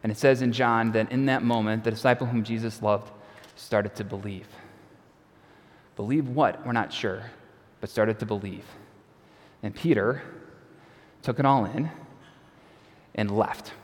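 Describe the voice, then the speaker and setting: A man preaching a sermon in a conversational, wry way, letting his phrase endings drop off quietly. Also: on the low side, unhurried, pauses often. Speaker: pastor. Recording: long reverb of a large hall.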